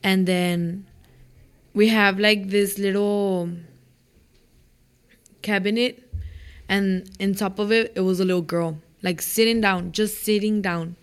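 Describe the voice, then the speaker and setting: A teenage girl telling a ghost story in casual chat. She is animated, says "like" a lot and acts out what people said. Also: mid-range voice, slow, pauses often, clean tone. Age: teens. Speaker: student club member.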